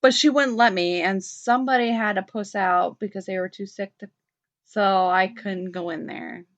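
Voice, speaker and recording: A woman's voice: medium pitch, normal speed. A chatty woman co-host with a mid-range voice tells a rambling story, swearing freely and laughing along the way. The sound is dull and lo-fi, like a home-recorded podcast. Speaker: radio show co-host. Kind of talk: casual chat.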